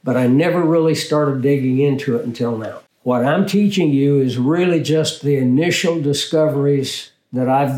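An older male pastor teaching through a Bible passage in a measured way, often asking rhetorical questions. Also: medium pitch, darkish tone, roomy sound, poor audio.

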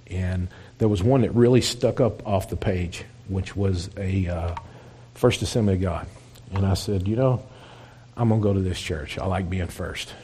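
A man's voice: sits low, warm tone, a little hiss or hum. A man, a former biker, telling his testimony in a folksy, plainspoken way and acting out the dialogue. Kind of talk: storytelling testimony.

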